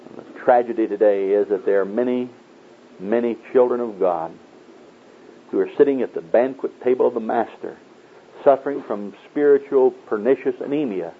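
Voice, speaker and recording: Husky preacher man on tinny old tape. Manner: folksy storytelling, acting out voices in raised pitch. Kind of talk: sermon.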